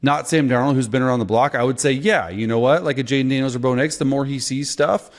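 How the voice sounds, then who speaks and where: A man's voice: medium pitch, fast. A man co-hosting a casual sports podcast, talking loosely with lots of fillers and restarts. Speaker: podcast co-host and former player.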